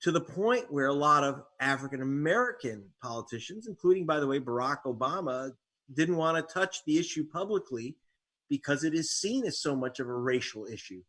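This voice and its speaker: A man's voice: on the high side, lively intonation, a little fast, a bit bright. A man, an investigative reporter and author, being interviewed as a guest, talking in a wry storytelling way with sarcastic jabs. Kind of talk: interview conversation.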